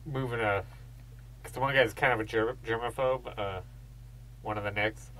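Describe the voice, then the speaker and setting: Dude cohosting a podcast, rambly and laid back, swears a lot, laughs mid story. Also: male voice, medium pitch, steady tone, normal speed, a bit bright, rough recording. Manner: rambling, swears casually, laughs while telling stories. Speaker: podcast co-host. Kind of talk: casual chat.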